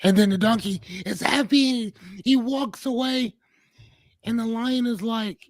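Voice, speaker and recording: A man in his forties with a very high voice co-hosts a podcast, loosely paraphrasing a fable in casual chat. He tells it as a relaxed storyteller at a measured pace, with small hesitations. The recording is dry.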